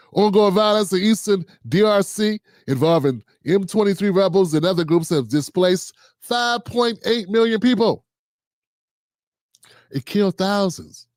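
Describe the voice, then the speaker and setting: High-voiced man, heated commentary. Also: no echo, clean studio sound. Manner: heated, sarcastic, reads out notes and reacts. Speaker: livestream host. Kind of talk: political commentary livestream.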